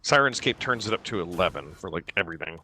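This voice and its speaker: A man running a tabletop game as dungeon master, describing scenes slowly with many pauses. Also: low-pitched, lively intonation, bright, forceful tone, faint music behind.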